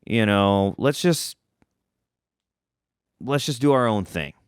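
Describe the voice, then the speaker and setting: A man's voice: lowish voice, expressive, slow, smooth, no room sound, studio quality. A young man hosting a podcast, telling a story in a casual, rambling way, swearing freely and restarting his sentences. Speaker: podcast host.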